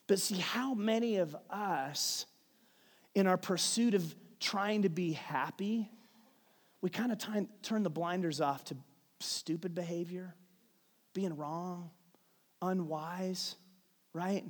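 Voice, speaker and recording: A man's voice: high-pitched, slow pace, pauses often. A man preaching a sermon, telling a family story in a conversational way with frequent restarts. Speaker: pastor. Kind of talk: sermon with personal stories. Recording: long hall reverb.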